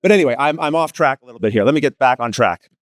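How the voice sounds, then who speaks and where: A man with a Maritime Canadian accent giving a lively conference panel talk, joking with the audience and asking them questions. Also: medium pitch, racing, no room sound, clean studio sound. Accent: East Coast Canadian, Maritimes. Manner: lively, self-deprecating, asks the audience questions. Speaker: panel presenter, tutorial video creator.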